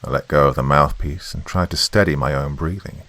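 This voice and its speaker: Male horror narrator, very deep, gravelly, dramatic delivery. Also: a little fast, a bit bright, dry recording.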